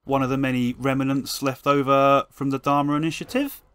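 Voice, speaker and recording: A man's voice: mid-range voice, flat delivery, normal speed, a bit bright, clean tone. Playful man giving a wry build tour. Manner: playful, wry and self-mocking. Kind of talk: comedic scripted build tour.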